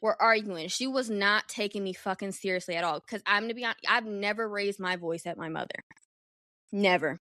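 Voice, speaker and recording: A young adult woman hosting a solo podcast, telling a personal story in a candid, animated, profane way. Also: medium pitch, fairly quick, no echo, clean studio sound. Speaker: podcast host.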